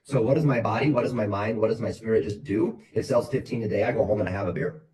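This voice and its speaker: A man's voice: on the low side, fast, crowd noise, rough recording. A man coaching his sales team on a call, blunt and motivational, repeating his points over and over.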